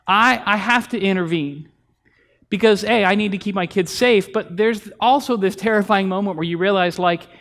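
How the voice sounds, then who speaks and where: A man's voice: high voice, moderate pace, fairly bright tone. A pastor in his thirties giving a conversational sermon in a church, telling family stories and acting out bits of dialogue. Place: church sanctuary.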